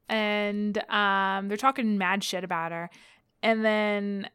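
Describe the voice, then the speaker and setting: A young woman co-hosting a casual podcast, retelling a book's plot with frequent laughter and animated storytelling. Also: mid-range voice, normal speed, clear, resonant tone, dry recording, studio quality. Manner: giggly, animated storytelling with acted quotes. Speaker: podcast co-host recapping a book. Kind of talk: casual chat.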